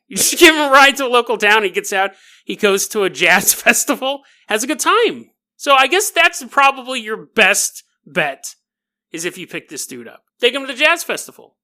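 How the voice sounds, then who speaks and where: A man's voice: high-pitched, bright, forceful tone. A man hosting a podcast, telling a paranormal story with jokey, laughing asides aimed right at the listener. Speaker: podcast host.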